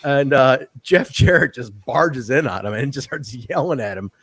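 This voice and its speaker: The speaker is a man hosting a podcast, his medium-pitched voice fairly bright with lively intonation at a moderate pace and no echo. In a relaxed chat, he enthusiastically reviews old wrestling shows and frequently starts over mid-sentence.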